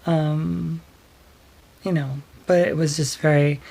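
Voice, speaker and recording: A woman telling a personal story in a vlog, soft and hesitant, pausing often with fillers. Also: low-pitched, fairly even intonation, creaky. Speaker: vlogger.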